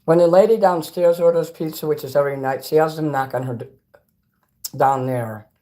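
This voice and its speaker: A Chicago man with a warm, slightly high voice talks briskly on his livestream. In between reading chat messages aloud and eating snacks, he rambles, speaks bluntly, and swears freely.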